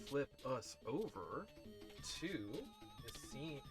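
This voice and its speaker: A man's voice: fairly high pitch, wildly swooping pitch, slow pace. A man hosting a casual livestream, talking in a rambling, chatty way and interrupting himself often. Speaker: livestream host. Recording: game and music audio playing behind.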